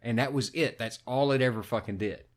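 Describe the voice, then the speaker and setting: Dude telling a story on a podcast, swears nonstop, gets really animated, mid voice. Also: male voice, medium pitch, brisk. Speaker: podcast co-host. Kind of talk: casual chat.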